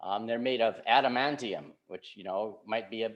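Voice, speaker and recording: A male pastor giving a relaxed, conversational sermon, often checking in with the congregation by asking "right?". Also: fairly low pitch, moderate pace. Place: church sanctuary. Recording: slightly muffled church recording.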